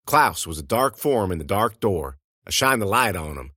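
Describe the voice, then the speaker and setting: A male narrator reads a first-person story with suspenseful, expressive storytelling. His pitch moves in a lively way, and the recording is dry and close to the mic. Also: normal speed, no echo. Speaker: audiobook narrator.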